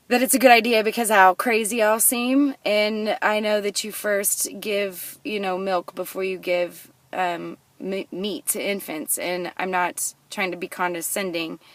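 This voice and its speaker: A woman vlogger who raps her own lyrics loudly and rhythmically, then talks casually about her songwriting. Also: medium pitch, no echo, recorded from a distance. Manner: loud rhythmic rapping, half-sung.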